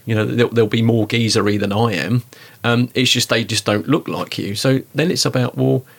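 A man in a relaxed discussion, talking in an animated, rambling way with lots of fillers. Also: medium pitch, brisk, gravelly. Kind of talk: conversational discussion.

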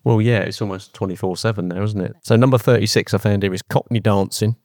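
Low gravelly man, flat interviewer. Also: quick pace, no echo, studio quality. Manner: relaxed, conversational, prompting. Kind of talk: casual interview chat.

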